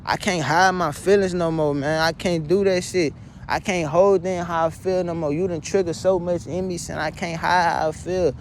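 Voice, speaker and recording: A man's voice: on the high side, steady tone, normal speed, slight background noise. A man talking straight to the camera in an emotional personal vlog, pleading and repeating himself, blunt and profane. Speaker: vlogger.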